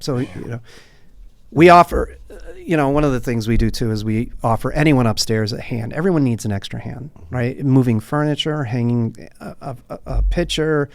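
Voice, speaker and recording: A man's voice: mid-range voice, dry recording. A man, a nonprofit coffeehouse director, telling stories in a podcast interview and acting out the people in them. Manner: animated storyteller who acts out the people in his stories.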